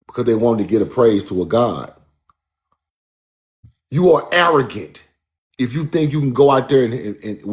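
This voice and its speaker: A man giving a casual, emphatic street-style lecture, repeating his points and calling the listener bro. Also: medium pitch. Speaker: speaker giving a talk.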